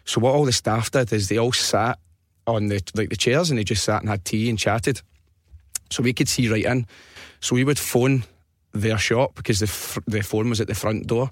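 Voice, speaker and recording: A man's voice: on the low side, moderate pace, dry recording, studio quality. A man hosting a podcast, chatting casually and laughing easily as he tells stories. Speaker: podcast host. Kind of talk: casual interview chat.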